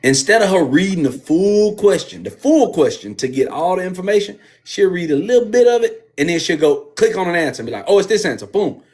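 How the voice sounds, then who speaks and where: A man co-hosting a casual podcast, telling candid stories in an animated way about homeschooling his daughter. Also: sits high, brisk, few pauses. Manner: candid, animated storytelling with lots of slang. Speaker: podcast co-host. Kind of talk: casual chat.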